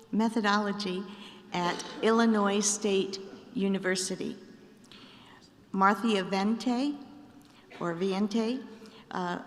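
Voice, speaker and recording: A woman presenter reading announcements, stumbling at times over unfamiliar names. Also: mid-range voice. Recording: reverberant hall.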